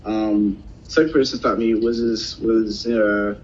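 A man casually telling a personal story in a conversation, animated and acting out what other people said. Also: slow. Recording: dull lo-fi sound, faint rumble.

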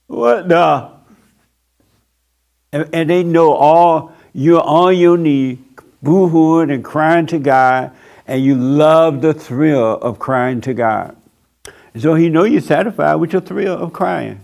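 A man's voice: a little high, takes it slowly, vocal fry, darkish tone. A man preaching a sermon in a blunt, mocking, emphatic way.

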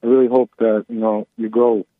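A man's voice: fairly low pitch, level tone, a little fast, no echo. Rambling male caller on a tinny phone line. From upstate New York. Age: 40s. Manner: rambling, needling, repeats himself.

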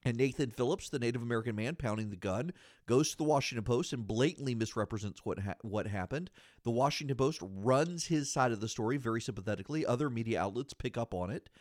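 A man's voice: medium pitch, fast talker, a little mellow, dry recording, studio quality. A man hosting a podcast, giving solo political commentary in an indignant, argumentative way and repeating phrases for emphasis. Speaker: podcast host.

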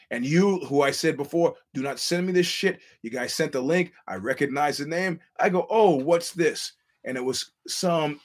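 A man hosting a solo podcast, ranting bluntly and swearing often. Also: mid-range voice. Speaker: podcast host.

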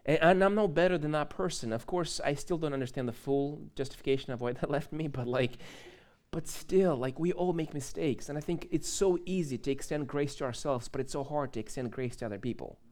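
A man's voice: fairly high pitch, fairly quick. A young man preaching in a church, telling a personal story in a casual, chatty way and asking the congregation questions. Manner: casual, animated storytelling with laughs and asides to the audience. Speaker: pastor. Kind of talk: conversational sermon with personal story.

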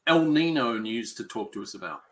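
A man's voice: mid-range voice, animated, brisk, a bit bright, low-quality recording. A man co-hosting a podcast in casual chat, upbeat and asking curious questions. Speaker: podcast co-host.

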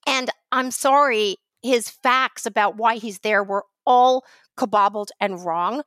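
A woman co-hosting a podcast, from New York, telling a story in an animated, ranting way. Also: fairly high pitch, no room sound. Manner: animated storytelling, quick rants. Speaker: podcast co-host. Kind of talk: casual chat.

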